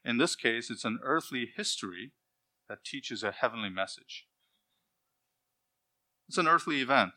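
A man preaching a sermon, reading scripture aloud and explaining it, slowing down to stress key words. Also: medium pitch, expressive, bright, forceful tone. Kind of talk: expository sermon.

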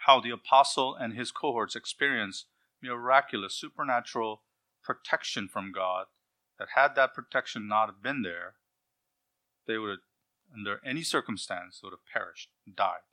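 A male preacher delivers an expository sermon in a bright, forceful voice. He reads scripture aloud and then explains it. He slows down to press home key words. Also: lowish voice.

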